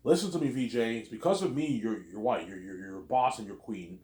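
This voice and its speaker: A man's voice: fairly low pitch, expressive, a little fast, warm tone. A man acting out an imagined argument by himself, playing every side in an over-dramatic, repetitive way. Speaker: video creator. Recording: roomy echo.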